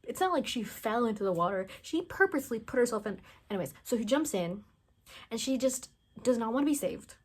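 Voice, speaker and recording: A woman's voice: on the high side, animated, a little fast, husky. A woman casually recapping a film plot, rambling and chatty with lots of "like" and blunt, mocking asides. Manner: rambling, chatty, heavy use of "like", acts out characters' lines. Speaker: movie reviewer.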